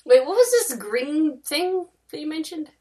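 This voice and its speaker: A woman at a tabletop game, tossing in sarcastic jokes and questions. Her voice sits slightly high. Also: very animated, measured pace, warm tone. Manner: joking, sarcastic remarks. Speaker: player. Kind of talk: casual chat at a tabletop game.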